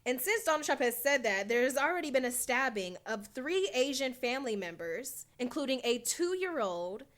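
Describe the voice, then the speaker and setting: A woman co-hosting a podcast, talking through the news in casual chat with animated, indignant commentary and frequent fillers. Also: high voice, normal speed. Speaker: podcast co-host.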